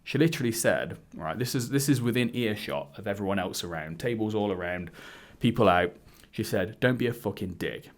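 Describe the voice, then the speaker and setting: A man's voice: lowish voice, a little fast. A man telling a personal story straight to camera, candidly, with some swearing and acted-out quotes. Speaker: dating coach. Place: indoors, wearing a hood. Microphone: camera mic.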